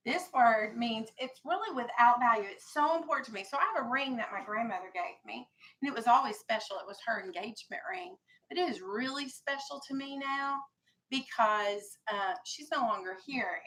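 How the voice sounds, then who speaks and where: A woman's voice: on the high side, expressive, brisk, fairly bright tone, rough recording. A woman teaching a classroom vocabulary lesson, firm and explanatory, stressing key words.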